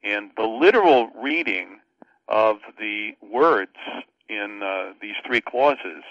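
Older man teaching scripture, bright and dull-toned. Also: on the low side, lively intonation, slow pace, no echo. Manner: earnest, explanatory, with frequent restarts. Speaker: pastor and Bible teacher, radio guest. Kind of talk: explanatory teaching on a radio show.

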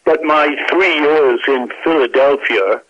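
A retired Welsh pastor in his eighties with a slight mid-Atlantic tinge, speaking in a measured, hesitant way full of fillers. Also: a little high, fairly bright tone, no echo, lo-fi sound. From Wales. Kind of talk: reflective conversational interview.

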